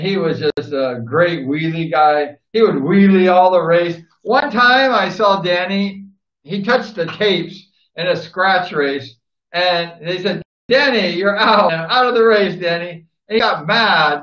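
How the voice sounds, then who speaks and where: A man's voice: a little high, a bit bright. A man reminiscing about a speedway rider, rambling and repeating himself with enthusiasm. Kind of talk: casual spoken tribute. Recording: roomy, dull lo-fi recording.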